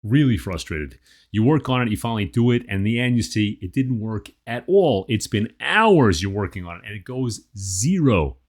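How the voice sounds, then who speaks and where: A man guiding an emotional tapping session, saying phrases for listeners to repeat and sometimes moving from calm coaching to heated venting. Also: fairly low pitch, normal speed. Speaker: tapping practitioner. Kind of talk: guided EFT tapping session.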